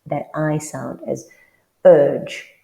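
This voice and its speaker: Low gravelly South African woman teaching. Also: measured pace, warm tone, roomy sound. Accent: South African English. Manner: friendly, checks in with the viewer often. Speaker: language teacher. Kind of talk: casual online lesson.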